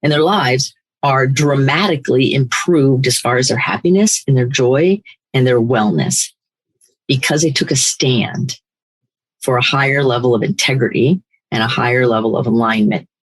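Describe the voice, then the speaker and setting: Older lady recovery coach, husky voice, firm and animated, preachy motivational talk. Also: extremely low pitch, moderate pace, rough recording. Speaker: podcast host, recovery coach.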